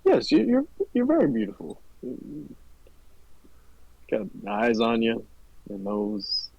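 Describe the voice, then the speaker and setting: Man playing a cowboy adventurer, gravelly, husky, low, folksy drawl, tabletop game. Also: wildly swooping pitch, slow pace, dry recording, muffled recording, full character voice. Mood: flustered. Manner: folksy and flustered.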